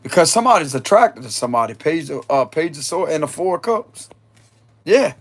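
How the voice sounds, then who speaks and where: A man giving a casual tarot reading, animated and laughing often, repeating phrases and swearing freely. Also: on the high side, a little fast. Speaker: tarot reader.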